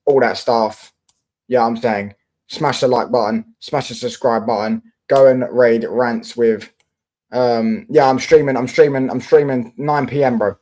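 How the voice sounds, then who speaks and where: On the low side with a darkish tone, this young man from London speaks in a London accent while hosting a relaxed football livestream. He responds to chat with slang and swearing.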